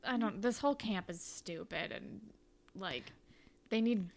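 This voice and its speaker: A woman's voice: medium pitch, measured pace. A woman co-hosting a casual chat, recapping a TV episode in a rambling, giggly way and acting out the characters' lines. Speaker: podcast co-host.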